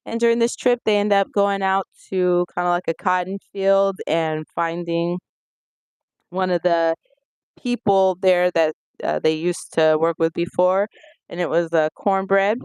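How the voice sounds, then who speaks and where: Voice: mid-range voice, unhurried, clean tone, no echo. A movie reviewer talking in a casual, conversational way and recapping scenes from the film. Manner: conversational, retells scenes with lively acted-out quotes.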